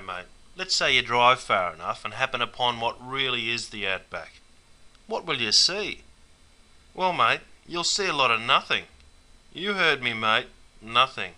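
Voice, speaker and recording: An Australian man with a very bright, forward voice hosts a comedy explainer. He talks in broad slang and drops "mate" into nearly every sentence. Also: mid-range voice. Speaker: host. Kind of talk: comic explainer sketch.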